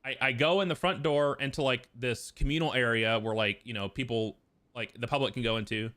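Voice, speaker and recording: In a medium-pitched, fairly bright voice at a fairly quick clip, this young streamer rambles through a lengthy, casual story, cursing frequently and leaning hard on "like" and other fillers.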